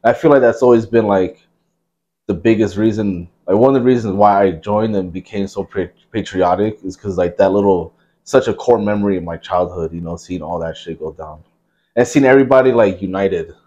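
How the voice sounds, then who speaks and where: A man's voice: lowish voice, brisk, warm tone, lo-fi sound. A man in his thirties from New Jersey, hosting a podcast and telling stories in casual, profanity-laced chat. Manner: profane, rambling storyteller. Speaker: podcast host.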